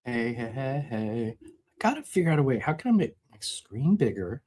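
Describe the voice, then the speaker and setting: Relaxed man chatting about guitar gear. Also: mid-range voice, moderate pace. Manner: relaxed and explanatory, with many restarts. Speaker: host of a guitar livestream. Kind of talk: casual live chat answering viewer comments.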